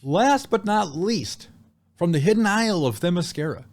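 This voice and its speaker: A man hosting a casual podcast, who introduces guests in a loud, showy announcer style and laughs easily. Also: sits high, animated, moderate pace. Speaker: podcast host. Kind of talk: casual chat, comedic intros.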